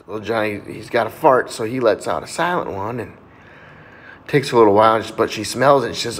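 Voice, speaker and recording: A man casually telling a string of jokes in a relaxed storytelling way. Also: fairly low pitch, brisk, a little hiss or hum. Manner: relaxed storytelling, lively delivery. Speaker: joke-telling video creator.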